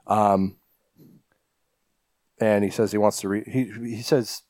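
A man's voice: on the low side, little pitch movement, measured pace, pauses often, darkish tone, dry recording. A man co-hosting a podcast, casually recapping a horror film with lots of ums and restarts. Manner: rambling, many fillers and restarts. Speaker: podcast co-host.

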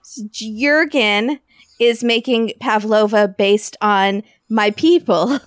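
A woman's voice: a little high, takes it slowly, no echo, studio quality. A woman co-hosting a podcast, casually recapping a TV episode with jokes and laughter. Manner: chatty, jokey, laughs often. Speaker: podcast co-host.

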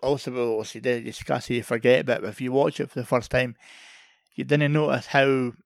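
A young man chatting casually about a film, halting and full of likes, with some swearing. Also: mid-range voice, flat delivery, creaky, no echo, clean studio sound. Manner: hesitant, many fillers and restarts, sweary.

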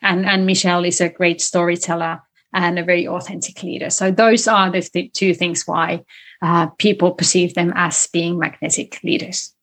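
Woman explaining speaking skills on a call, chatty and animated, shows the tones as she goes. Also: on the low side, moderate pace. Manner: animated, explains with spoken demonstrations. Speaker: communication coach guest. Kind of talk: conversational interview explanation.

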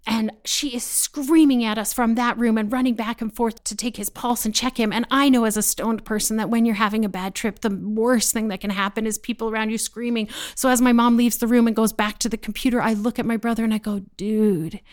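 A woman from Canada doing stand-up, telling a story in an animated, profane way and laughing as she goes. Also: on the high side, fairly quick, hardly any pauses. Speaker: stand-up comedian.

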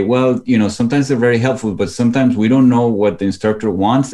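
A man's voice: sits low, a little mellow. A man interviewed as an educator, explaining in a thoughtful way and sometimes restarting his sentences. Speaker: guest educator. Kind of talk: conversational interview.

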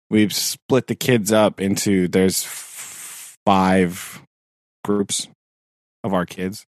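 A man's voice: on the low side, dry recording, clean studio sound. A man who teaches sixth grade, chatting casually on a podcast, rambling with fillers and frequent laughs. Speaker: podcast co-host. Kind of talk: casual chat.

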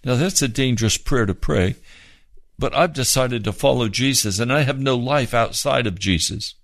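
A man preaching a sermon, fervent and pleading, with slow drawn-out emphasis. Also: medium pitch, fairly bright tone, no room sound.

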